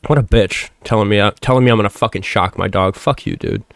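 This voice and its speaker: A man from Minnesota hosting a livestream talk show, swearing a lot, yelling at a caller and then mumbling through donation messages, his voice hoarse from shouting. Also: quick pace, dry recording, studio quality. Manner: profane, combative yelling then low mumbling. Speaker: show host.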